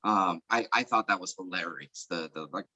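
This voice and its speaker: A young man chatting as an interview guest, rambling and filling pauses with "like" and "um". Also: low-pitched, pushed and bright, no echo, low-quality recording. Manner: rambling, heavy use of fillers like "like" and "um". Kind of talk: casual chat.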